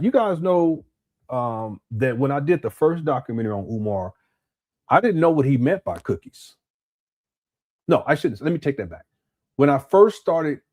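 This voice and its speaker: A man's voice: mid-range voice, a little mellow. A man from Southern California talking casually as a live-stream commentary host, often repeating words and answering chat comments.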